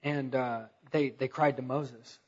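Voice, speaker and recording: Husky-voiced man preaching casually. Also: mid-range voice, fairly even intonation, slow pace, long reverb tail, lo-fi sound. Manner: casual storytelling with fillers like "like" and "man". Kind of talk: conversational sermon.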